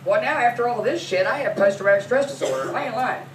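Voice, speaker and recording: A massage therapist in her forties does stand-up at a comedy club, telling brash, profane stories about her son and her massage clients. Her voice is fairly high and fast, and she laughs through her lines. The recording is noisy and echoey, with the mic placed at a distance.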